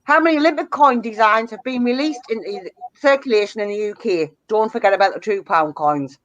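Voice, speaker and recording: A woman's voice: on the high side, lively intonation, brisk, a bit bright, no room sound. Woman reading quiz questions, dull dry sound. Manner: reads out answer options in a listing rhythm. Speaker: quiz host.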